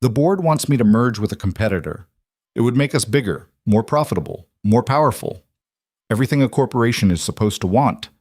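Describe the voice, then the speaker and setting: A man reading aloud, voicing an adult businesswoman who sounds tired, earnest and quietly defensive. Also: mid-range voice, animated, brisk, no room sound, clean studio sound, close to an everyday voice. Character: guarded driven businesswoman, adult female CEO.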